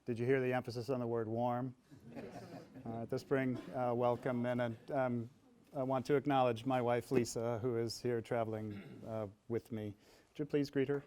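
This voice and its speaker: A man's voice: mid-range voice, little pitch movement, moderate pace, mellow. A middle-aged man, an author and pastor, speaking to an audience with humor and quotes delivered with rising emphasis. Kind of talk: public talk before an audience. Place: event hall with audience.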